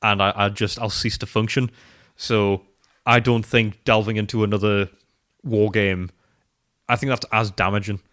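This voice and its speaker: A man's voice: on the low side, flat delivery, normal speed, a bit bright. A man co-hosting a podcast in casual, self-deprecating chat. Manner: chatty, self-deprecating, trails off and restarts. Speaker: podcast co-host.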